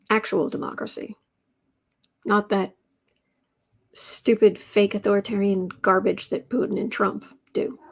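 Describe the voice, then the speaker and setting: A woman hosting a casual astrology and tarot livestream. She rambles and thinks aloud with many restarts, and coos softly to her cat between points. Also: mid-range voice.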